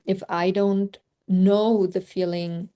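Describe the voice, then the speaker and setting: A woman's voice: mid-range voice, level tone, takes it slowly, dark tone. A woman coaching on a group video call, talking in a chatty, reflective way with many "like" fillers; her first language is German. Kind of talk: casual group call talk.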